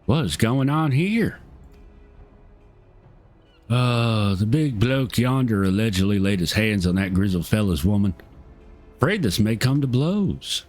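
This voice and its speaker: A man doing a slow, drawling folksy onlooker. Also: fairly low pitch, expressive, a little mellow, soft background music. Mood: wary. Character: wary village bystander man.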